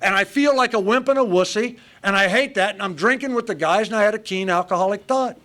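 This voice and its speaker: A man's voice: high voice, quick pace, bright, forceful tone. A man in his sixties telling his own life story at a recovery meeting, blunt and self-mocking in short punchy sentences, speaking live before an audience. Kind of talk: humorous personal storytelling.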